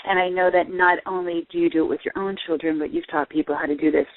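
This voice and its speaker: A woman's voice: lowish voice, fairly even intonation, quick pace, no echo. Gushing woman host, tinny line. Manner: gushing, effusive praise. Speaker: podcast host. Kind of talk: podcast interview.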